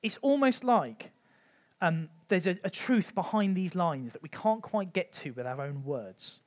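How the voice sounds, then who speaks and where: Church teacher, male, higher-pitched, chatty and informal, lots of ums. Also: expressive, a little slow, a little mellow. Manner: conversational, frequent ums, light humour. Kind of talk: informal Bible teaching talk.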